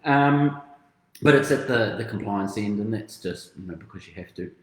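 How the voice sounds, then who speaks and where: A man's voice: fairly low pitch, lively intonation, moderate pace, very echoey, low-quality recording. A man with a New Zealand accent, chatting casually and bluntly about business as podcast host. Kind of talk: casual chat.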